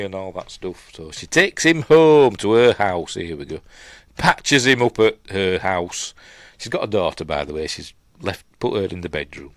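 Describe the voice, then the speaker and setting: A man's voice: sits low, sing-song, moderate pace, no room sound. A middle-aged man with a Yorkshire accent, casually recapping and reviewing a film in a rambling, chatty way full of fillers and asides.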